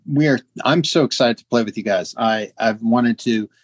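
A man's voice: medium pitch, normal speed, no echo. Man, game master, video call, easygoing, lots of uh, dry close sound. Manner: relaxed, hesitant with many fillers. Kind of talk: casual chat introducing a tabletop game.

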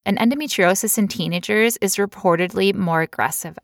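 A woman co-hosting a casual health podcast, explaining medical ideas clearly with playful asides and frequent laughter. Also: mid-range voice, brisk, dry recording, studio quality. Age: adult past teen years. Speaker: podcast co-host.

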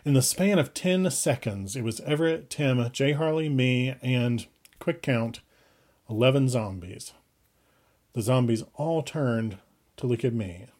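A man's voice: mid-range voice, expressive, a little slow, a little mellow. Man narrating a story with urgent drive. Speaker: audiobook reader. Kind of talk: first-person fiction narration.

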